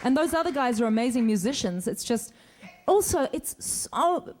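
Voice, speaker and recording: A woman's voice: sits high, lively intonation, moderate pace, a little mellow. A middle-aged woman answering fan questions on a convention stage in a chatty, rambling way, laughing often. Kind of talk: casual stage Q&A. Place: convention stage before an audience.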